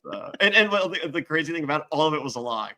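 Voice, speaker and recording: A man with a bright, ringing voice tells a rambling story in casual chat. He curses freely and leaps up in pitch whenever he acts out someone else's words, then drops back to a low, even telling. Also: fast. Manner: animated, swears, acts out other people's lines in high voices. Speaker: guest.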